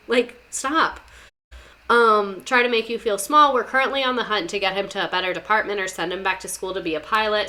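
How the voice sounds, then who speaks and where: A woman's voice: medium pitch, bright, forceful tone. A young woman hosting a casual chat show, talking in a sarcastic, chatty way and repeating words for comic effect. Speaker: podcast host. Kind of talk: casual chat reading listener stories.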